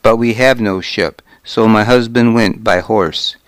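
A man's voice: on the low side, measured pace, no room sound, natural voice. A man reading the part of a brusque, curt, gray-haired older woman in an audiobook. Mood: plain.

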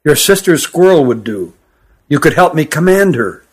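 A man's voice: on the high side, sing-song, moderate pace, breathy edge. A man voicing an urgent, frightened young fugitive. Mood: secretive pleading. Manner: urgent, hushed, pleading. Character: sturdy young male creature, frightened, urgent and secretive. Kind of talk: audiobook character voice.

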